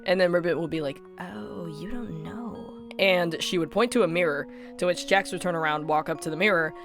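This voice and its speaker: A woman's voice: lowish voice, quick pace, soft background music. A woman casually rambling about her ideas for a fan story, full of fillers like "like" and "um". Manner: rambling with many fillers and laughs.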